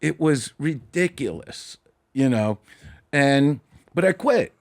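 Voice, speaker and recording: Man telling a brash gambling story. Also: slow pace. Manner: animated, acts out dialogue, trails off into low mutters. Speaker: guest storyteller. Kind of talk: casual podcast storytelling.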